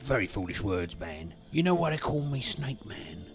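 A man's voice: lowish voice, sing-song, moderate pace. An actor playing a laid-back male stoner drug dealer who drawls in a lazy, amused way. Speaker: radio sketch actor.

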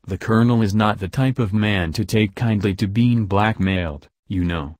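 A man voicing a suave, sly count who speaks softly and insinuatingly. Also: on the low side, normal speed, no room sound, clean studio sound, natural voice.

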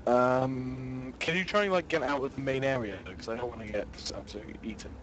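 A man's voice: medium pitch, quick pace, fairly bright tone. Man, gaming voice chat, flustered, stop-start speech, faint hiss. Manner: hesitant, flustered, trailing off. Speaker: gamer piloting a transport in voice chat.

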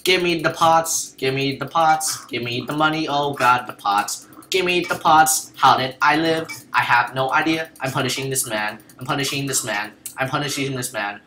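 A man talks over his own gameplay, excitable and jokey, looping the same phrases again and again. His voice is bright and forceful. The room is echoey, with a faint hum of ambient noise behind him. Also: mid-range voice, normal speed. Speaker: gameplay commentator. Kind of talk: casual gameplay commentary.

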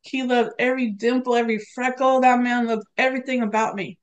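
A middle-aged woman with a fairly high voice tells a personal story as a podcast guest. She speaks with open emotion and acts out the lines of others as she retells them. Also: level tone, quick pace.

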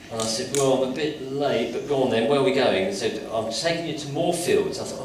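Older english artist telling stories in a big echoey hall, acts out the voices, a bit of background hiss. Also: male voice, medium pitch, fairly quick, few pauses, recorded from a distance. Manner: lively storyteller acting out voices. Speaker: sculptor, invited guest artist. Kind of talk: anecdotal talk on stage. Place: college lecture hall.

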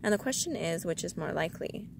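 A woman voicing a gentle, simple-minded male bear in a storybook reading. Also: lowish voice, expressive, a little fast, creaky, background noise. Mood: thoughtful.

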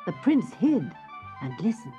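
Slow, expressive woman storyteller. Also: on the low side. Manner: slow, expressive, sing-song reading with soft whispers. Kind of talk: scripted children's story narration. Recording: lo-fi tape with faint music.

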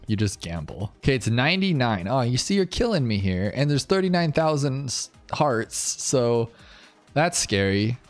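Excitable man streaming a tower defense game. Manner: excitable, talks to chat, jumps to high yelps when tense. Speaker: gaming streamer. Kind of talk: live gameplay commentary.

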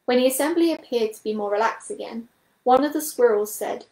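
A woman reading a children's animal novel aloud as a storyteller, steady and clear. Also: on the high side, fairly quick, roomy sound, rough recording.

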